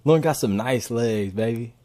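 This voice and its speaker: A man's voice: mid-range voice, normal speed, warm tone. A man streaming casual reaction commentary, cracking crude jokes and laughing often.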